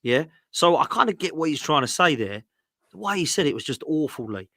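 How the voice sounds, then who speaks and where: Bright-voiced man chatting about football. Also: a little high, a little fast, dry recording. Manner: animated, mocking rival fans with put-on voices; chatty, direct. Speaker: co-host. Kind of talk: casual football podcast chat.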